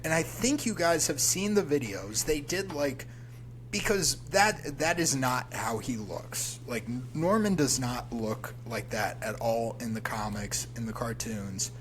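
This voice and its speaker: A man's voice: mid-range voice, expressive, unhurried, a little hiss or hum, poor audio. A man co-hosting a movie podcast, chatting casually and giving enthusiastic, opinionated takes. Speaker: podcast co-host.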